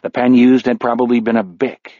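A man narrating a dark novel in a measured, grim storytelling voice. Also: medium pitch, level tone, dry recording. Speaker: audiobook narrator. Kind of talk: scripted narration. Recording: dull, dry studio audio.

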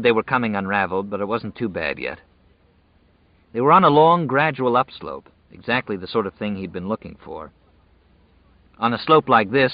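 A man reading a novel aloud in measured, even scripted narration. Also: fairly low pitch, dry recording. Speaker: audiobook narrator. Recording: dull dry lo-fi audio.

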